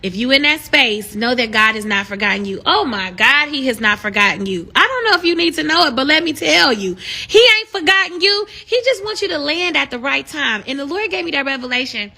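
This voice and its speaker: A woman talking casually on a live stream, encouraging her viewers in an animated, preachy way that swells into excited shouts. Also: sits high, brisk, gravelly, hardly any pauses.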